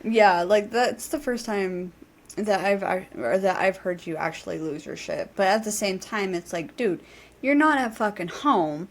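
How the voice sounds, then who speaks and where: A woman's voice: medium pitch, unhurried. A woman co-hosting a podcast, chatting casually and agreeing with her friend's story. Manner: relaxed, agreeing backchannels. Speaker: podcast co-host. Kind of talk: casual chat.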